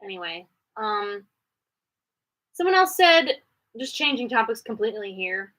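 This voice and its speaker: Very animated and sharp in tone, a Canadian woman chats casually on a live question-and-answer stream from her home studio. She answers viewer questions and rambles between thoughts, pitch leaping quickly, and the recording is low quality.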